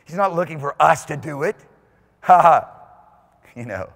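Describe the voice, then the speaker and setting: A male pastor preaching a sermon in a church, swinging from quiet asides to whoops and shouts. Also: fairly high pitch, lively intonation, fast talker, gravelly. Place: church sanctuary. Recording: long hall reverb in a church.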